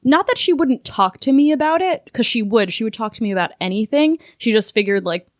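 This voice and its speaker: A woman's voice: a little high, expressive, brisk, no echo, studio quality. A young woman, a former intern, chatting casually on a podcast and filling her talk with likes. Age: young adult.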